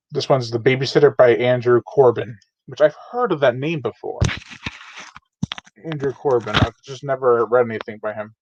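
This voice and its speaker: A man's voice: mid-range voice, a little mellow, no echo. A man hosting a live unboxing stream, casually reading chat messages aloud and chatting with many fillers. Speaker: channel host. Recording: dull, lo-fi dry home mic.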